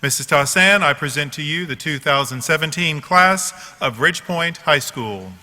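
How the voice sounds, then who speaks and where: A male official speaks in a formal, measured way, presenting graduates on stage. His voice is very bright and somewhat high. A faint crowd sits behind him, and the long reverb of a large hall surrounds him. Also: expressive, slight background noise. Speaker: school district official presenting the class. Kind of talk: formal ceremony address.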